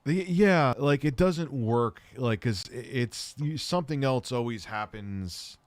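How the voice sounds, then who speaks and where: A man's voice: mid-range voice, expressive, a little slow, no room sound. A man in his thirties hosting a livestream, answering chat questions in candid, rambling, self-deprecating stories.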